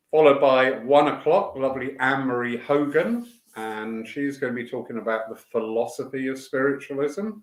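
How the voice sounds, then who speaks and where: A man's voice: mid-range voice, reverberant. A man who organizes church events, running through the day's programme in a chatty, enthusiastic way with fillers and asides. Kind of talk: casual spoken announcements. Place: church hall.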